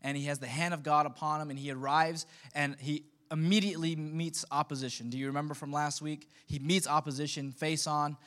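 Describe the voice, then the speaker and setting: A man in his thirties preaching a relaxed, conversational sermon as pastor, full of joking asides to his congregation. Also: fairly high pitch, brisk, few pauses.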